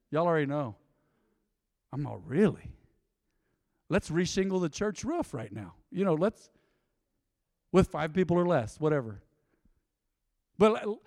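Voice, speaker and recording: A man preaching a sermon as pastor, emotive and energetic, swinging between loud bursts and quiet asides. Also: fairly high pitch, no room sound, clean studio sound, in a large hall.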